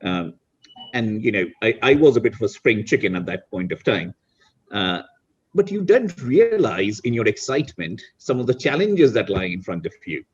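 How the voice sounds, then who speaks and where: A man's voice: on the low side, sing-song, normal speed, slightly rough, muffled recording. A middle-aged man from India, a guest on a video call talk show, speaking reflectively with frequent restarts. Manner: reflective, many restarts and "you know". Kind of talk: casual interview chat.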